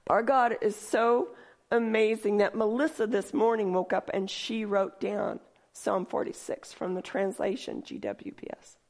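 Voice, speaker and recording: A woman leading worship in church, reading scripture at a slow, deliberate pace in a slightly high voice. She then moves into lively, conversational preaching and laughs often as she talks. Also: creaky. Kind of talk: sermon.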